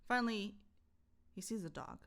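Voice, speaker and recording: Animated young woman telling a story. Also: medium pitch, normal speed, gravelly. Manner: animated, swears, acts out voices and laughs a lot. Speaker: podcast co-host. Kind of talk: casual storytelling chat. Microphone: streaming setup mic.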